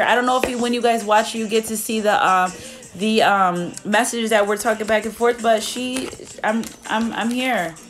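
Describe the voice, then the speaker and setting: A young woman giving a casual live tarot reading, chatty and blunt, swearing freely as she talks to her viewers. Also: a little high. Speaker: tarot reader.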